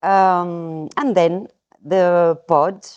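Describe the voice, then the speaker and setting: A woman's voice: on the low side, fairly even intonation, very slow, a little mellow, clear, resonant tone, dull audio. A French woman with a French accent, a guest in a casual chat, explaining with some hesitant fillers. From France.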